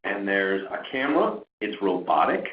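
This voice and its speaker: A man's voice: fairly low pitch, sing-song, moderate pace. A man moderating a workshop session, asking a presenter a question in a conversational way. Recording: echoey room, dull lo-fi audio, faint noise.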